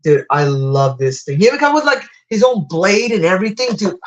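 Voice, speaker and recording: A young man with a slight Latin American Spanish accent streams a live toy unboxing. He gushes and rambles, and his voice leaps high whenever something delights him. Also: brisk, dull audio, slight background noise. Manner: excitable, gushing, wide pitch jumps.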